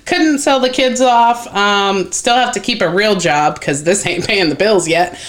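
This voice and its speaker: Woman, thirties, podcast co-host, casual chat, laughs often, mid-pitched voice. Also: unhurried.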